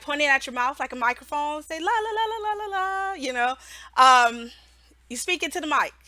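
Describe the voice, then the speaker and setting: Woman teacher giving tips, high bright voice, chatty, keeps asking right?. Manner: chatty, checks in with "right?" and laughs often. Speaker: online English teacher. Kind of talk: casual how-to tips.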